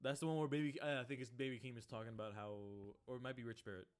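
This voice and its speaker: A relaxed man in casual podcast chat, mid-pitched and easygoing, chiming in with short agreeing remarks and loose comments. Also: very fast. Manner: laid-back listener, mostly brief affirmations. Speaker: podcast co-host.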